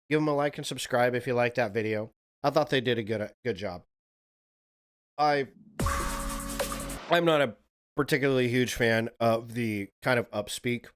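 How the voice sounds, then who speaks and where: A man live-streaming a casual reaction chat, rambling, swearing and talking to a viewer in chat. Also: mid-range voice.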